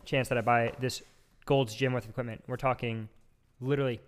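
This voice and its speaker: A young man with a smooth, clear voice tells a long personal story on a casual podcast. He rambles, stacks up filler words and pushes ahead with animated energy. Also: mid-range voice, fairly quick. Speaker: podcast host.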